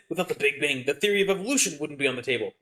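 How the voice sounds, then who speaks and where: A man's voice: fairly high pitch, lively intonation, fast talker, bright, forceful tone. Young man, podcast co-host, casual chat, frequent laughter, filler-heavy rambling.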